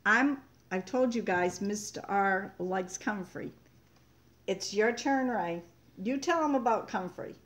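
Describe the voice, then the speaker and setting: A woman's voice: mid-range voice, takes it slowly, fairly bright tone. An older woman from Maine hosting a casual live-stream chat, reading viewers' comments aloud in a chatty way. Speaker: homestead channel host.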